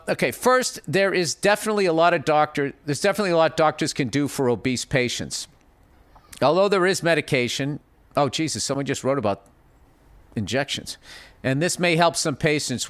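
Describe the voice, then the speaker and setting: A man in his fifties with a Boston accent, hosting a comedy podcast and giving profane, self-mocking advice, now and then bursting into frustrated yelling. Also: a little high, smooth. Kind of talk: casual comedic advice rant.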